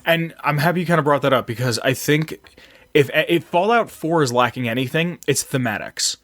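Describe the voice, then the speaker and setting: A man's voice: fairly high pitch, normal speed, fairly bright tone, dry recording. A man co-hosting a casual podcast, rambling with many fillers and restarts. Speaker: podcast co-host.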